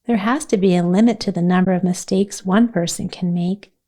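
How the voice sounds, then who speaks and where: A woman's voice: on the low side, steady tone, brisk, warm tone, lightly acted. A woman voicing an imaginative, talkative orphan girl who speaks in a dramatic, pleading way, as in a storybook reading. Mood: hopeful.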